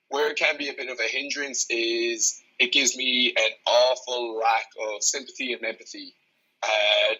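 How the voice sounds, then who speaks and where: A young Irish man in his twenties, talking as a strength coach on a podcast. His voice is very bright with a husky edge. He speaks bluntly and frankly and swears freely. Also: mid-range voice, poor audio. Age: 20s. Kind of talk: casual podcast conversation.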